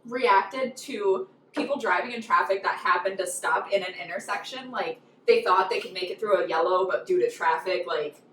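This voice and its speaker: A woman co-hosting a casual hot wing interview at home, talking in an animated, ranting way. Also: mid-range voice, moderate pace, few pauses, slight background noise. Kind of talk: casual chat. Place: home room. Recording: echoey room, mic far off.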